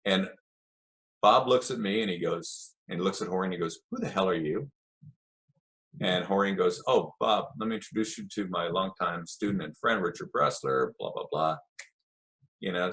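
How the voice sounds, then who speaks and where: A man's voice: sits low, a bit bright. An older man, a podcast guest, telling long anecdotes in a casual interview and acting out what others said. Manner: rambling anecdotes with acted quotes.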